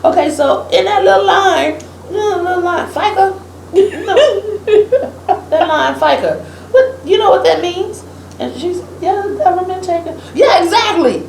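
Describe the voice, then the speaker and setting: A woman's voice: extremely high pitch, animated, unhurried, creaky, darkish tone. A woman co-hosting a casual political chat, telling a story and acting out what others said, laughing often. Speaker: podcast co-host. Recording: echoey room with faint ambient hiss.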